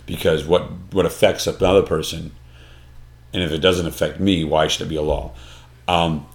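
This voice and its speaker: A man's voice: rumbling low, fairly even intonation, moderate pace, creaky. A man in casual discussion, earnest and emphatic, often restarting his sentences with repeated words. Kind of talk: conversational discussion.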